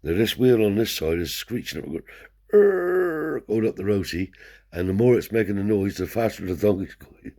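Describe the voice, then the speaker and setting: A man's voice: low voice, a little fast, warm tone. An older man, a Romany traveller telling rambling stories in broad dialect, peppered with swearing and "see?". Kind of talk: rambling oral storytelling.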